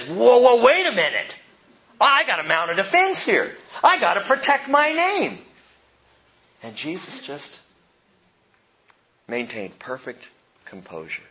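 Animated, bright-voiced male preacher. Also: a little high. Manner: dramatic, swings from soft hush to emphatic; jokey asides amid preaching. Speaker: pastor. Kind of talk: sermon. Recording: slightly dull lo-fi recording with faint noise.

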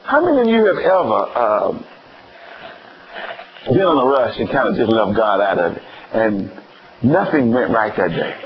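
A man with a Southern US accent preaching a playful, animated sermon with call-and-response. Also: mid-range voice, normal speed, pauses often, dull audio, noisy background.

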